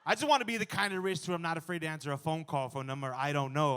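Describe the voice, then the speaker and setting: A man in his thirties performing a stand-up comedy set, animated and jumping to loud exclaiming in the acted-out bits. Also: fairly high pitch, rapid-fire, hardly any pauses, smooth. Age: 30s.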